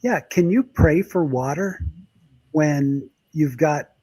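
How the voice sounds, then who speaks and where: Wry, husky-voiced man. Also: on the high side, slow pace, mellow, no room sound. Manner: wry, joking, laughs often. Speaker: podcast host and editor. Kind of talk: casual panel chat.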